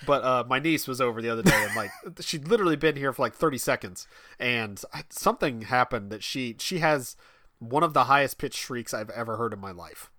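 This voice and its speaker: A man in his thirties talks in a loose, joking chat, his pitch swinging widely as he goes. His tone is bright and forward, and he laughs often before trailing off softly. The sound is dry and close, with no room around it. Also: animated, fairly quick, no room sound. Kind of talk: casual chat.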